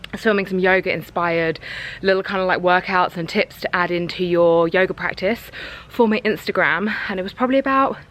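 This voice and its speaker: A woman's voice: on the low side, fairly quick, fairly bright tone, poor audio. A young woman talking to her camera in a casual vlog, chatty and rambling in an upbeat way. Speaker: lifestyle vlogger.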